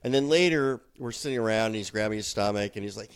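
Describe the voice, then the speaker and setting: A man's voice: fairly low pitch, quick pace, clear, resonant tone. A middle-aged man co-hosting a podcast, chatting casually. He tells stories with lots of energy and slips into the voices of the people he quotes. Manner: animated storyteller, acts out quotes. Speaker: podcast co-host. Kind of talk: casual chat.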